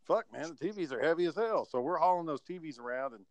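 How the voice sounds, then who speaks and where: A man's voice: a little high, lively intonation, fast, a little mellow, no room sound. A man hosting a casual online chat and telling a profane story in a laid-back, chuckling way. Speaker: podcast host telling a story. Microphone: online voice call.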